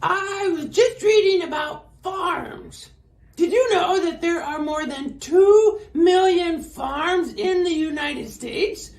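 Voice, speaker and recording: A woman's voice: very high voice, takes it slowly, a little mellow, voice pushed up, full character voice. A woman voicing a bubbly, curious character on a children's show, eagerly sharing facts. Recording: roomy echo.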